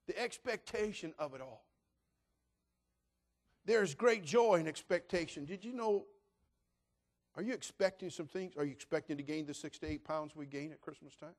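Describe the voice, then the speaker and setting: Older male pastor, church sermon, fairly high voice, chatty and joking. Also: moderate pace, pauses often. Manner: animated, joking, conversational preaching.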